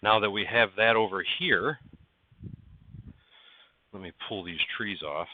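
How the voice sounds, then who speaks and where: An unhurried man with a lowish voice runs a casual livestream from his workshop barn, chatting with viewers and greeting them by name. He coaxes parts while he works, and the recording is dry, tinny, and phone-like with no echo.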